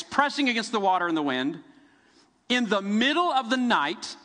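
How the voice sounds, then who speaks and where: A middle-aged man preaching a sermon, telling the story vividly with dramatic pauses. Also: sits high, bright, forceful tone, big-room sound. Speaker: pastor. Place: church sanctuary.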